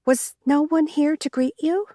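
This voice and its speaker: A woman voicing a young house maid, soft, sorrowful and guarded. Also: high voice, a little slow, no echo, clean studio sound, pitched above the performer's own voice. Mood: concerned.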